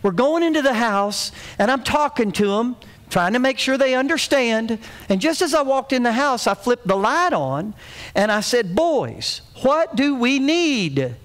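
A man's voice: very high-pitched, animated, normal speed, fairly bright tone. A middle-aged man preaching a sermon as pastor, telling a family story in a folksy, humorous way.

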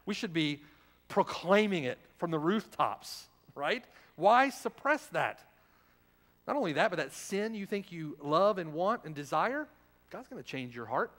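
Male pastor, sermon, pitched a bit high, punchy rhetorical questions, long church reverb. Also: expressive, normal speed. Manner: emphatic, rhetorical questions, swings from loud to hushed. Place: church sanctuary.

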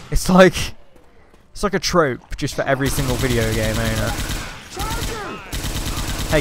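A man's voice: medium pitch, background noise. A man giving chatty, sarcastic gameplay commentary, taunting enemies as he goes. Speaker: let's play host.

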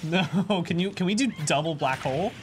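A man's voice: fairly high pitch, normal speed, a little hiss or hum. Chatty man narrating his game. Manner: relaxed, hesitant, many fillers and restarts. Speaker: co-host playing a video game. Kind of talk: casual gaming chat.

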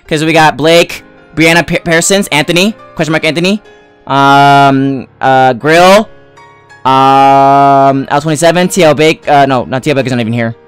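A man hosting a casual gaming livestream on a headset mic, excitable and swearing, flipping between mock rage and cheerful chat. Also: medium pitch, normal speed, clear, resonant tone, faint music behind. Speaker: streamer host.

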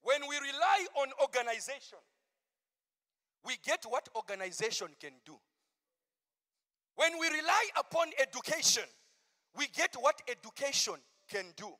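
A pastor preaching a campmeeting sermon, moving from hushed asides to shouted, drawn-out proclamations. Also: male voice, very high-pitched, animated, in a large hall.

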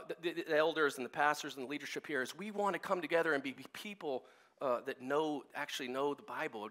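A man in his forties, a pastor telling personal stories during a sermon in a casual, animated way, full of fillers and restarts. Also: mid-range voice. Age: 40s. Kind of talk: storytelling sermon. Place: church service.

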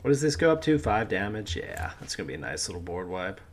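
A gameplay streamer with a fairly low voice talks very fast and with lots of animation while playing a card game. He chats casually, pleads with the game, and says "dude" constantly.

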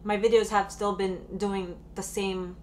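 A woman in her thirties telling a story in a casual home vlog, chatty and full of fillers, with sudden bursts of excitement. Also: medium pitch, a little slow, slight background noise. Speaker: vlogger.

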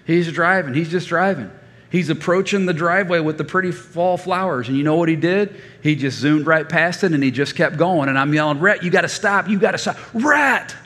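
A man in his fifties preaching a sermon as a folksy storyteller, animated and given to stammered restarts. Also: on the high side, fairly quick. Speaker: pastor. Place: church sanctuary. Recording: reverberant church hall.

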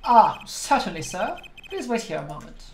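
A woman's voice: mid-range voice, big pitch swings, moderate pace, background noise. A woman voicing a polite, dutiful male prison guard who speaks in a stiff, formal way. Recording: roomy with game music behind.

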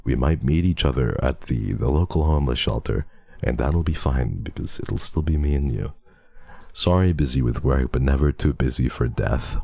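Man, streamer, extremely deep voice, stuffy nose from a cold, teasing chat, dry close sound. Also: moderate pace, vocal fry, dark tone, dry recording. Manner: playful, teasing, laughs often, mixes in Tagalog and Korean endearments. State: congested from a cold, sniffling. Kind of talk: casual chat with chat readers.

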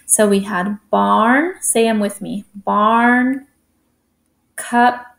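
A woman teacher giving a slow phonics lesson to young children, drawing out words and sounding out letters. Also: mid-range voice, gravelly, roomy sound.

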